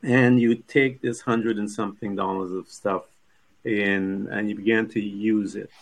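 A man's voice: on the low side, fairly even intonation, measured pace, rough recording. A man interviewing a guest, giving encouraging responses and asking long, winding questions. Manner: warm, encouraging backchannels and long rambling questions.

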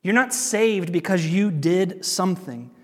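A man's voice: sits high, expressive, unhurried, long reverb tail, pitched above the performer's own voice. A male preacher voicing an exasperated apostle who scolds his churches with pleading, incredulous questions. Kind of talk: sermon.

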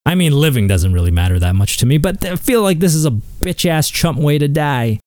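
Solo comedy host, male, sarcastic and foul-mouthed, mellow low-toned voice, dry close sound. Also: big pitch swings, fairly quick, dry recording. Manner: profane, sarcastic, mock-outraged. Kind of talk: comedic rant.

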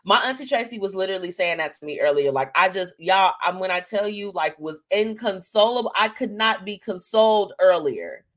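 A woman's voice: mid-range voice, lively intonation, a little fast, few pauses, fairly bright tone. A woman hosting a live show, talking candidly and emotionally to her listeners and calling them y'all. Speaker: host.

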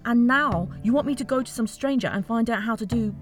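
A woman's voice: on the high side, a little fast, faint music behind, voice pushed up, lightly acted. A woman voicing a sarcastic, exasperated young witch in an audiobook. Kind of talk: audiobook character reading.

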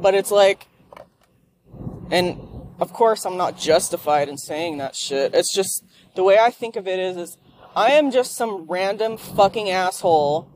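A woman's voice: lowish voice, darkish tone, a little hiss or hum. Profane woman ranting while driving. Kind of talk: rambling monologue while driving. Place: car.

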